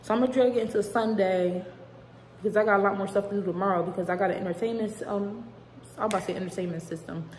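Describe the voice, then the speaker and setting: A woman's voice: medium pitch, fast, a little mellow, slight background noise. A young woman vlogging casually at home, chatty and rambling, full of slang. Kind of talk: casual chat to camera. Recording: echoey room with long reverb.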